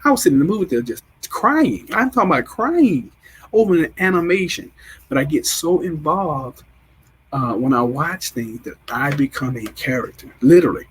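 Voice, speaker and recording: A man's voice: on the high side, very animated, normal speed, slight background noise, poor audio. A man in his forties hosting a casual live stream, chatty and emotional as he greets viewers and answers their comments. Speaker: livestream host.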